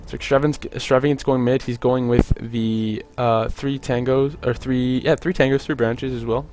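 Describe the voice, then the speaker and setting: A man's voice: medium pitch, steady tone, moderate pace, darkish tone. Rambling young male game caster. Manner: rambling, jokey, lots of "like" fillers. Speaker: esports caster. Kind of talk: solo play-by-play commentary.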